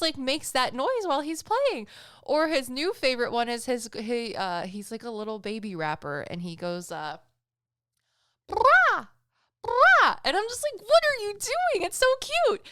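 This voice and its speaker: A woman's voice: medium pitch, fairly bright tone, clear, resonant tone, no room sound, clean studio sound. A woman in her thirties hosting a podcast, chatting casually and giggling as she mimics voices in her stories. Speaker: podcast host and psychic medium. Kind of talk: casual chat.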